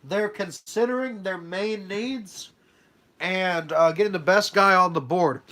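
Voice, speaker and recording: A young man with an allergy-stuffed nose chats casually on a livestream, reacting to sports draft picks and handing out letter grades. His voice is high and sharp, and his talk is full of ums and uhs.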